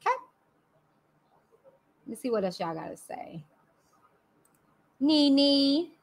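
A woman with a Texan accent hosting a live stream, talking candidly and lively straight to her viewers. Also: sits high, slow pace. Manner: lively and candid, talks straight to viewers with "y'all" and "you know what I'm saying". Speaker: livestream host. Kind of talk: casual live-stream commentary.

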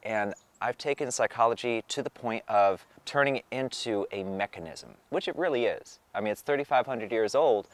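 A man's voice: mid-range voice, normal speed, few pauses, dry recording. A man explaining things in casual talk, with a slight Southern twang and an emphatic, filler-heavy way of speaking. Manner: conversational, emphatic, lots of fillers. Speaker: vlogger.

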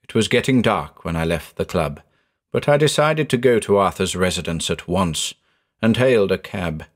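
Expressive male horror story narrator. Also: sits low. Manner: measured, dramatic storytelling.

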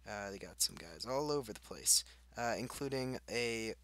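Playing a war strategy game, a young man who runs a gaming channel comments casually, reacting out loud and laughing at himself. His animated voice is on the low side, a bit bright, at a moderate pace, in a dry recording with faint game noise behind.

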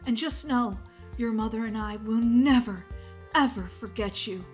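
A woman voicing a gentle young father in a game role-play, hushing and soothing his baby. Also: fairly high pitch, measured pace, soft background music, close to an everyday voice.

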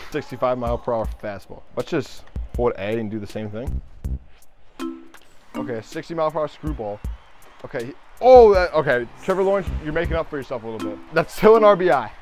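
A young man giving excitable, swearing commentary while playing a motion-control sports game at home. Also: mid-range voice, a little fast, faint music behind. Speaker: gaming YouTuber. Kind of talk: gameplay commentary.

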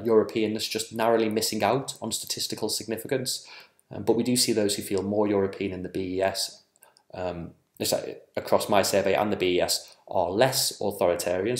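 A man presenting survey research at a conference, measured and full of ums and small self-corrections. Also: fairly low pitch, creaky, roomy sound.

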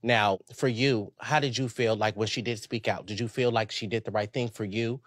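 A man interviewing a guest, asking measured, sympathetic questions. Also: lowish voice, fairly even intonation, no room sound, clean studio sound. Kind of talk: sit-down interview.

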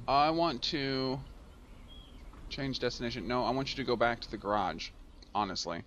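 A man's voice: medium pitch, normal speed, a bit bright, dull audio, slight background noise. A man hosting a let's-play, talking through a transport tycoon game and scolding it when things go wrong. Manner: grumbles and scolds the game aloud. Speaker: gaming channel host. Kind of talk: casual let's-play commentary.

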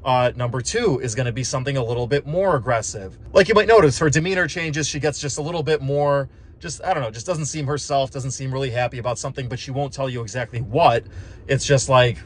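A man's voice: medium pitch, fast. A man talking in a casual, wry, explanatory way, full of "like" and "just". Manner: conversational, wry, uses lots of filler like "like" and "just". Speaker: physician assistant vlogger.

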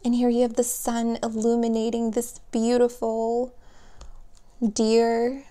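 A woman giving a spoken tarot reading, gentle and emotional, speaking softly and warmly to her viewers. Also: fairly high pitch, completely flat delivery. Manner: slow, soft, gentle and emotional. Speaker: tarot reader.

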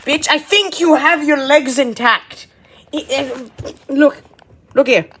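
A woman's voice: high voice, takes it slowly, fairly bright tone, slight background noise. A woman giving casual, exasperated reaction commentary, laughing and swearing freely. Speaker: video reactor.

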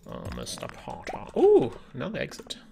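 A man's voice: a little high, huge pitch swings, moderate pace, creaky, mellow, faint music behind. A man giving chatty let's-play commentary, thinking aloud and exclaiming at what he finds in the game. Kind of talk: gameplay commentary.

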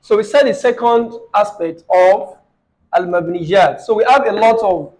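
Brief: male tutor with a high voice, patient, checks in often, repeats each phrase slowly. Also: a little mellow, low-quality recording. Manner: asks the student questions and repeats phrases slowly. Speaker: Arabic grammar teacher. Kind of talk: live online lesson with a student.

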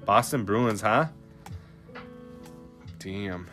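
A young man hosting a card pack opening, talking in an animated, slangy way with lots of "dude" and "bro". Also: fairly low pitch, drawn-out words. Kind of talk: excited live commentary on pack openings. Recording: faint music behind.

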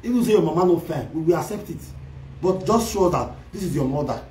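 A man ranting and taunting loudly, switching between Pidgin, Yoruba and Igbo in a social media commentary. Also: on the high side, expressive, fast talker, echoey room, distant mic, slight background noise, poor audio.

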